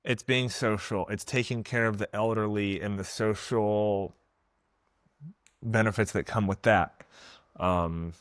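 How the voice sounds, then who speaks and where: A man's voice: fairly low pitch, steady tone, measured pace, clear, resonant tone, dry recording, clean studio sound. A man hosting a podcast, talking casually and listing points with enthusiasm. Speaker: podcast host. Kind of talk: casual conversation.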